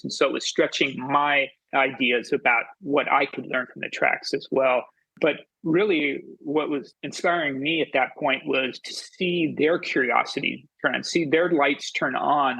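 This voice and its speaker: A man recounts his years guiding others in a relaxed interview, stopping and restarting his phrases. His voice is gravelly with a husky grain. The sound is dry and close. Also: mid-range voice, no echo, rough recording. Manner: halting, restarts phrases often. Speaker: former tracking club leader. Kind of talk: casual interview storytelling.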